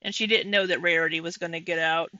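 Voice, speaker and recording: A woman's voice: fairly low pitch, fairly even intonation, fast, pushed and bright, no echo, dull audio. A woman giving casual commentary over livestream clips, chatting with viewers by name.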